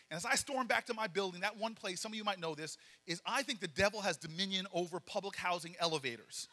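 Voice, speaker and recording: Man, high bright voice, animated storyteller, banquet speech, reverberant hall. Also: normal speed. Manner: animated storyteller acting out dialogue. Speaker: political speaker.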